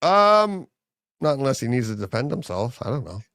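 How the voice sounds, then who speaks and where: A man's voice: mid-range voice, sing-song, normal speed, fairly bright tone, no room sound, studio quality. A middle-aged man hosting a livestream, telling stories in casual chat, laughing often and acting out quotes. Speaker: livestream host.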